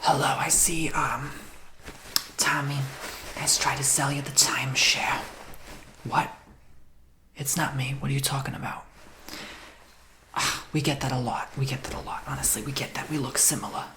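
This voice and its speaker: A man's voice: medium pitch, steady tone, moderate pace, long pauses, bright, forceful tone, close to an everyday voice. A man whispering in a role-play as a brash, pushy saleswoman in disguise who calls the listener darling and honey.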